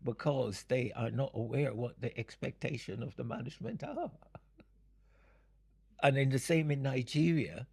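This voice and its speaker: An older man from Jamaica, speaking in an interview, unhurried and fond of analogies, often breaking into laughter. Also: mid-range voice, expressive, creaky, darkish tone, husky. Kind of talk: reflective storytelling.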